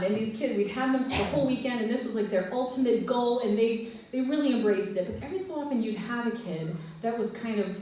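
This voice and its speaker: An American stand-up comedian in her forties tells stories in a chatty, giggly way before a live audience, acting out quotes in high voices. Her tone is darkish, and the recording comes from a distant mic in an echoey room with a little hiss or hum.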